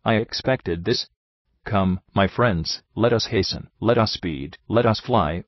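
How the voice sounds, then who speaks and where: A man voicing an excitable French doctor who talks in quick bursts, on a dull, dry recording. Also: fairly low pitch, no room sound. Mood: eager.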